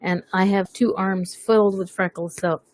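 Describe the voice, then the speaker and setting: A woman's voice: mid-range voice, fairly even intonation, moderate pace, a little mellow. Chatty, self-mocking woman hosting a webcast. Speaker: webcast host. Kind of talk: casual chat.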